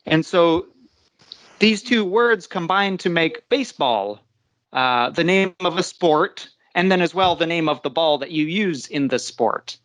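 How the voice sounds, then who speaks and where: Slow, patient woman teaching English. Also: fairly low pitch, expressive. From United States. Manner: patient, explains step by step, checks in with "okay?". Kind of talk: live English pronunciation lesson.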